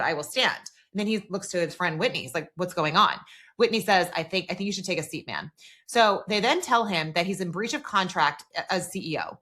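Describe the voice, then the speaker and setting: Woman, bright voice, casual podcast recap, quotes characters' lines. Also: medium pitch. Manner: retells scenes by quoting characters' lines. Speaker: podcast co-host.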